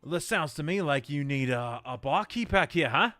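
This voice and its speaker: A man's voice: a little high, expressive, moderate pace, no room sound, pitched above the performer's own voice. A man doing a brash, cocky gnome barkeep. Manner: loud, brash, calls people son.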